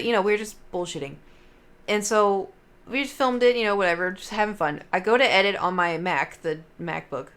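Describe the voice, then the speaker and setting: A woman's voice: mid-range voice, brisk, fairly bright tone, clear, resonant tone. A young woman streamer telling stories to her chat in a casual, rambling way, full of fillers and swearing. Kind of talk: casual livestream storytelling.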